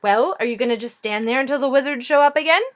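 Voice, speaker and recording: A woman's voice: fairly high pitch, lively intonation, fast talker, fairly bright tone. Cast: woman doing a bold, impatient girl, pushy storybook princess.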